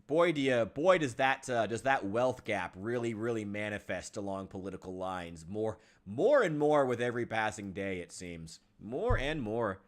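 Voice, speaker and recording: Streamer, male, from Illinois: swings his pitch a lot, vents and swears freely over gameplay. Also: expressive, moderate pace, few pauses. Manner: frustrated ranting, swears often, sighs. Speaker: game streamer. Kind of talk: casual live-stream chat while gaming.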